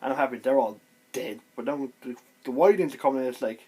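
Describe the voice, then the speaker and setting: A man giving a casual, excitable video review, retelling scenes with lively exclamations. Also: medium pitch, brisk, breathy edge. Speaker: TV show reviewer.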